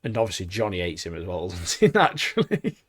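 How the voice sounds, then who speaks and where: This is a man chatting on a podcast with a co-host, his voice sitting on the lower side. He's easygoing and excitable, piling on slang and laughing often. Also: quick pace, husky, no echo, studio quality. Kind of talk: casual chat.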